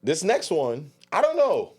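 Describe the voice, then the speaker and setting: A man's voice: fairly high pitch, huge pitch swings, a little slow, husky, faint music behind. A man co-hosting a podcast in casual chat, talking in a laid-back, slangy way. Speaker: podcast co-host.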